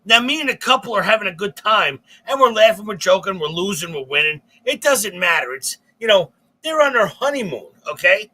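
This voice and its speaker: A man co-hosting a comedy podcast, telling a rambling, profane, animated story. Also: high voice, brisk, low-quality recording.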